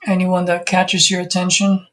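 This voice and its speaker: A man's voice: high-pitched, completely flat delivery, moderate pace, fairly bright tone. A man on a live call session, talking to a seller in an easygoing, friendly way. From California. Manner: easygoing, friendly, casual phone patter. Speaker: host, real estate investor calling sellers.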